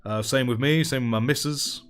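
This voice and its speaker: A man paints miniatures on a casual livestream, chatty and quick to laugh, reading out and thanking chat. He has a mid-range voice at normal speed, with soft background music.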